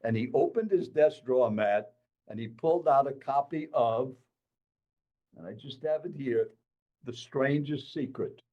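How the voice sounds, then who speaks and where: A man's voice: medium pitch, a little slow, highs cut off. An older man, a professional speaker, telling a story from his own life as a podcast guest and speaking straight to the listener. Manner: animated storyteller who addresses the listener directly. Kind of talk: storytelling in conversation.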